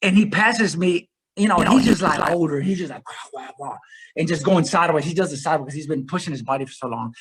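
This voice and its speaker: A man in his forties, an ultrarunner guest, telling his story in a rambling, energetic way. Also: fairly high pitch, fast, few pauses, a crowd in the background, poor audio. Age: 40s. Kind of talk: casual interview conversation.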